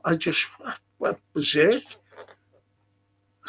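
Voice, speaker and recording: A middle-aged man with a broad Liverpool accent speaks in a rambling, casual monologue. His voice sits a touch high, and it leaps much higher when he gets worked up. He swears freely as he rants. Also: slow pace, long pauses, sharp tone, breathy edge. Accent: Liverpool (Scouse). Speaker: show host.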